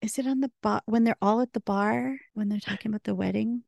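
A woman's voice: mid-range voice, fairly even intonation, fast talker, creaky, a little mellow, no echo. A woman co-hosting a podcast, chatting casually and recounting scenes with quoted dialogue. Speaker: podcast co-host. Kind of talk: casual recap chat.

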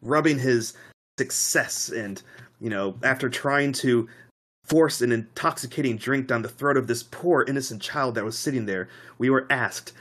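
A man's voice: medium pitch, normal speed, fairly bright tone. A man playing a tabletop game, giving a rousing in-character speech to a crowd. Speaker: player.

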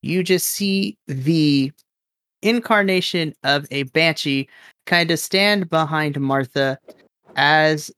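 A man acting as game master, narrating a tabletop game in a relaxed, chatty way. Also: on the high side, slow, no echo, clean studio sound. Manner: relaxed, chatty, laughs easily.

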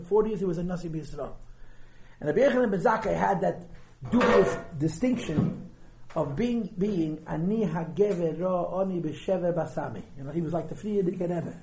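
A man's voice: fairly high pitch, warm tone. Man teaching in an echoey room. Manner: conversational, mixes Yiddish and Hebrew terms, asks rhetorical questions. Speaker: Chabad teacher giving a class on a Chassidic discourse. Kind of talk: lecture on a text.

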